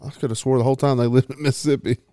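A man's voice: medium pitch, flat delivery, racing, warm tone. A man co-hosting a podcast, chatting casually and second-guessing himself. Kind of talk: casual chat.

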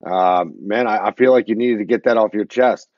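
A podcast co-host, a man, talks calmly and haltingly, filling gaps as he thinks. His voice sits low. The sound is dry and somewhat muffled. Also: no room sound. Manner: calm, hesitant, many uh fillers. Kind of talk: casual podcast chat.

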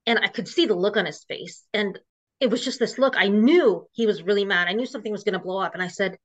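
Woman, thirties, emotional personal storytelling, many fillers and restarts, mid pitch, muffled lo-fi sound. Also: fast talker. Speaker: podcast guest. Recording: muffled lo-fi recording.

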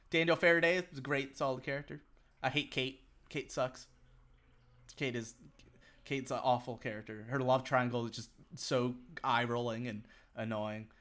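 A young man with a bright, forceful, mid-range voice co-hosts a podcast. His casual chat rambles, and he swears a lot, laughs often, and says "like" constantly.

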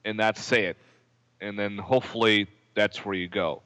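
Male co-host, bright tone, casual film chat, dry but with lingering reverb. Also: lowish voice, steady tone, normal speed. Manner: agreeable, laughs, quotes scenes. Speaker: podcast co-host. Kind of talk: casual movie review chat.

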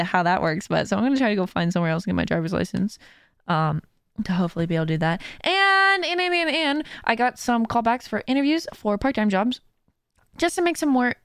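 This young woman, a podcast host and streamer, rambles through a casual chat on her own show, close to the mic and full of fillers and giggles. She has a mid-range voice with a clean tone, recorded dry.

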